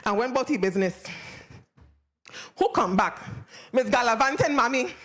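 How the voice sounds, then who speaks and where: A woman with a Virgin Islands Creole accent telling a folktale aloud in a lively, call-and-response way. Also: fairly high pitch, normal speed. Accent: Virgin Islands Creole English. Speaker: storyteller.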